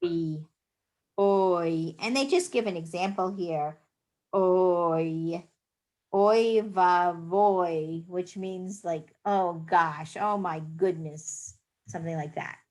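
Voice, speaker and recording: A woman's voice: lowish voice, takes it slowly. A woman teaching a reading class, patiently sounding out words and explaining rules. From United States.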